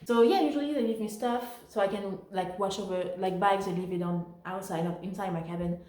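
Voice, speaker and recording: A woman whose first language is French tells work stories as a vlogger in an echoey room. Her mid-range voice is brisk and dark-toned, and she chats casually, rambling with lots of fillers and self-corrections.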